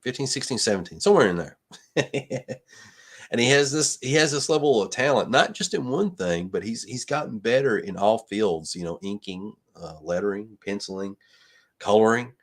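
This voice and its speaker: A man's voice: on the low side, expressive, moderate pace. A man hosting a live stream, chatting casually with many restarts and fillers, ending on earnest, motivational sign-offs. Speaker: livestream host. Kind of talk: casual livestream chat.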